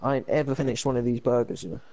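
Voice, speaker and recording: A young man, ranting in animated slang during a casual chat while gaming. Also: medium pitch, rapid-fire.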